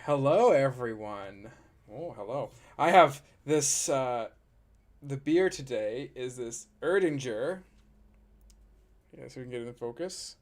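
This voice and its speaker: A man co-hosting a casual podcast over beers, teasing and laughing a lot as he jokes around. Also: medium pitch. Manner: joking, giggly, teasing. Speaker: podcast co-host.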